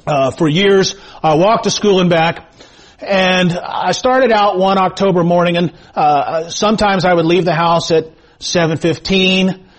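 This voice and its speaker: Pitched high, a middle-aged man preaches from a church sanctuary, first reading scripture and praying at a slow, measured pace. He then turns to personal anecdotes, told folksily with plenty of fillers.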